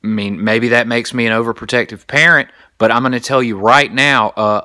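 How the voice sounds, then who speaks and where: A young adult man hosting a podcast, telling a story in a casual comedic monologue, animated and crude. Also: medium pitch, normal speed, no echo, studio quality. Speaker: podcast host.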